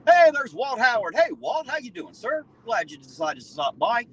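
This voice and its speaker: A man with a southern Ohio accent hosting a casual live stream from his car, loud and joking, reading out chat and swearing freely. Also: very high voice, sing-song, moderate pace, slightly rough, low-quality recording. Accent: southern Ohio, Appalachian-tinged. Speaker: livestream host. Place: in a car at night.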